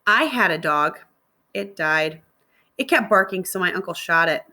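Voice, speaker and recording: A woman's voice: lowish voice, animated, normal speed, bright, forceful tone. A woman reading as a blunt teenage boy. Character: blunt older teenage boy in a group home.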